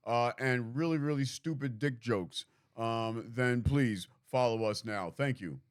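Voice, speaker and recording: A man's voice: mid-range voice, unhurried, smooth. A man co-hosting a comedy podcast in a studio, playful and rambling, often repeating words as he builds a bit. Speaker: podcast co-host. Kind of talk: casual comedic chat.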